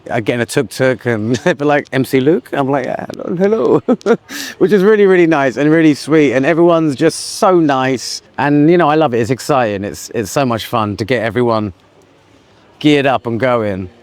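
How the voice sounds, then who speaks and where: A man from the United Kingdom, chatting casually as an interview guest, easygoing and quick to laugh. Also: mid-range voice, no echo. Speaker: guest, expat business owner.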